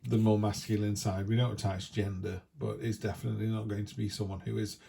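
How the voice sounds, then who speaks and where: A man's voice: fairly low pitch, little pitch movement, fast talker, gravelly, dark tone, slight background noise. A man giving a chatty, down-to-earth weekly tarot reading in a casual, reassuring way. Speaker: tarot reader.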